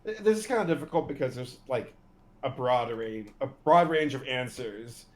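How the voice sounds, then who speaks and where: A man co-hosting a casual podcast, talking with enthusiasm and halting restarts. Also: medium pitch, lively intonation, slight background noise. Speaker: podcast co-host. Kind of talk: casual chat.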